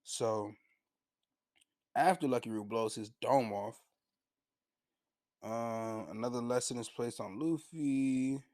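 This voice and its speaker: A young man reviewing anime in a casual vlog, with a slangy, profane, animated retelling and frequent laughs. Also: medium pitch, slow pace, pauses often, no room sound, studio quality. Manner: laughs often.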